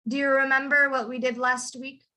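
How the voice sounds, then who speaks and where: A woman's voice: sits high, little pitch movement, brisk, bright, forceful tone. A young woman teaching English pronunciation in an online class. She is patient and repeats example words over and over to model the stress. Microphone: video call.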